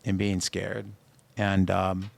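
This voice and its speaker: A man's voice: deep voice, takes it slowly, gravelly, no room sound. A man, a singer, telling personal stories in a radio studio interview and acting out the lines of people in them. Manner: animated storyteller acting out quoted dialogue. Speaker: singer-songwriter guest.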